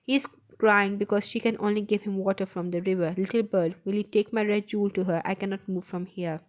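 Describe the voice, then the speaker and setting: A woman reading the lines of a sorrowful young prince statue in a storybook, gentle and pleading. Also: medium pitch, fairly even intonation, brisk, close to an everyday voice.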